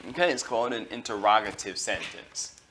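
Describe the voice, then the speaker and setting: An American man teaching an English grammar lesson, slowing down on key terms and filling pauses with okay and all right. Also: fairly low pitch, animated, a bit bright, a little hiss or hum. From United States. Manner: slows down to stress key terms.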